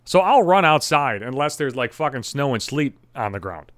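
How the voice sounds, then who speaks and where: A man's voice: mid-range voice, sing-song, normal speed, fairly bright tone, dry recording, studio quality. A man hosting his own podcast, ranting at home with constant swearing and exasperation. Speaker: podcast host. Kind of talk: profane comedic rant.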